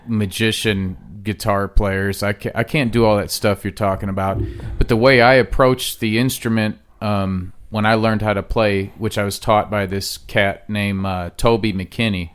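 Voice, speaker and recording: A man's voice: on the low side, steady tone, normal speed, hardly any pauses, clean tone. A man from the US Midwest, a guest musician, telling drawling, profane stories in a casual podcast chat. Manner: folksy, drawling, profane storyteller. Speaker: guest, musician and venue owner.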